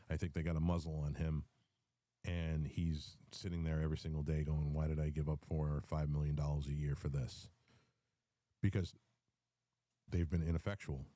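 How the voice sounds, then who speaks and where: A man's voice: extremely low pitch, dark tone, no room sound. A man hosting a live audio space, giving a rambling political commentary rant full of ums, repeated words and restarts, and fighting the hiccups. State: has the hiccups.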